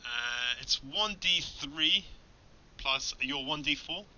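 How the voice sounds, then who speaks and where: A man's voice: fairly high pitch, lively intonation, slow, pushed and bright. A man running a tabletop horror game, talking loosely, swearing and laughing. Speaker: game master. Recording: dull lo-fi recording.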